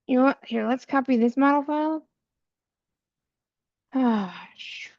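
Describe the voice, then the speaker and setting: A woman's voice: sits high, animated, a little slow, a little mellow, dry recording, lo-fi sound. A woman vlogging while coding, muttering to herself and her viewers in growing frustration. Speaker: tech vlogger. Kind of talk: casual talk while coding.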